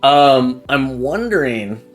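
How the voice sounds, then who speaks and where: A man hosting a live coding stream, chatting excitedly and jokingly with viewers, often repeating words and restarting his sentences. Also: mid-range voice, takes it slowly, faint music behind. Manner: laughs often and jokes with chat. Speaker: livestream coding host. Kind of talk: casual live-stream chat while coding.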